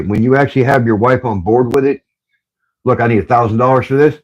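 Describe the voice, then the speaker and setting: Fast-talking husky grandpa on a livestream. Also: male voice, medium pitch, dull audio, soft background music. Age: older. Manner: laid-back, rambling storytelling. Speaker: livestream co-host. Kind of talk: casual livestream chat.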